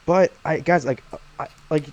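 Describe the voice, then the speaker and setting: Fast-talking, argumentative man. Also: on the high side, darkish tone, rough recording. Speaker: podcast co-host. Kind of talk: casual film debate.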